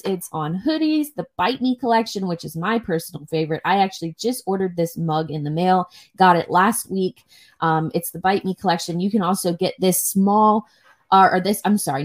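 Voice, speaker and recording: A young woman co-hosting a podcast, chatting casually on a livestream in a rambling way and swearing freely. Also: medium pitch. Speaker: podcast co-host.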